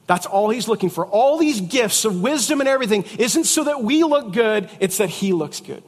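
A middle-aged man with a rather high voice preaches a sermon in a loose, chatty way, mixing scripture with jokes and stories. His voice rings out with a long hall reverb. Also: expressive, moderate pace. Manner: conversational preaching with jokes and asides. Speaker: pastor.

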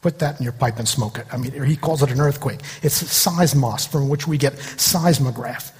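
A man preaching a sermon as pastor, telling stories with lively acted-out voices. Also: mid-range voice, moderate pace, breathy edge, in a large hall. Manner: animated storytelling, acting out quoted voices.

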